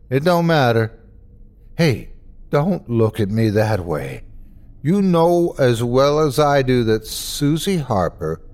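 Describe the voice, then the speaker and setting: A deranged older man who swings between pleading and screaming rage, as a male narrator puts him on. His voice is lively and rises and falls widely, and he speaks slowly and deliberately in this spoken horror story. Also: mid-range voice. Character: deranged older man keeping a killer creature.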